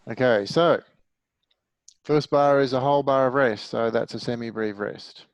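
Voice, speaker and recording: A man's voice: mid-range voice, normal speed, no room sound, muffled recording. Patient male music teacher, middle-aged, dry close mic. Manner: patient, explanatory, asks the class questions. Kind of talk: online music theory lesson.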